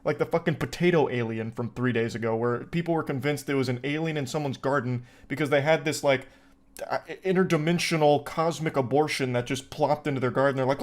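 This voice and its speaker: A man's voice: medium pitch, a little fast. A man doing casual reaction commentary in sarcastic, profane, mocking banter. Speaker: commentary host.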